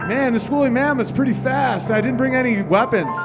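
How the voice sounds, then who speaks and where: A man voicing an eager, reckless caveman who boasts excitedly about his hunt. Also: very high voice, a little fast, loud music behind the voice, pitched above the performer's own voice. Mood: boastful.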